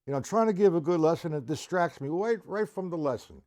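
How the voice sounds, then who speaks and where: Man counting beats in a lively drum lesson. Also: fairly high pitch, fast talker. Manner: counts beats out loud, stressing each accent; talks straight to viewers in the chat. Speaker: drum teacher. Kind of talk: live-streamed drum lesson.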